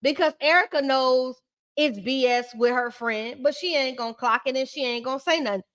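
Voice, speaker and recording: A woman's voice: high-pitched, fairly quick, a bit bright. A woman giving blunt, sassy, slang-filled casual commentary while recapping a reality TV show.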